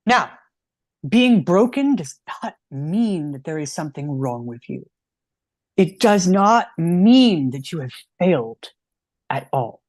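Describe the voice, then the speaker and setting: A man's voice: on the high side, sing-song, slow pace, darkish tone, dry recording. A man in his thirties from the United States, a rabbi explaining ideas in an earnest, conversational way. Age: 30s. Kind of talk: teaching in a casual chat.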